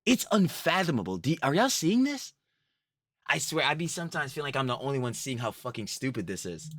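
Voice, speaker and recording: A man's voice: medium pitch, big pitch swings, fairly quick, a bit bright, no echo. A man doing casual reaction commentary, ranting in a profane, rambling, slangy way. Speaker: commentary YouTuber.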